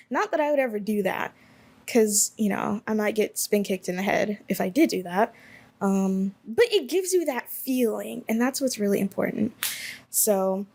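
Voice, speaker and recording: A woman's voice: medium pitch, darkish tone. A young woman from Alabama hosting a casual solo podcast, talking in a rambling, chatty way and often correcting herself mid-sentence. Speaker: podcast host.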